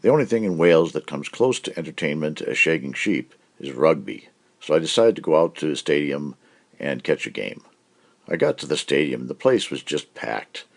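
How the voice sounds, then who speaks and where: Deep-voiced brash comedy host. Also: male voice, very animated, moderate pace, gravelly. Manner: brash, punchy joke delivery with put-on voices. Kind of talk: joke-telling comedy monologue.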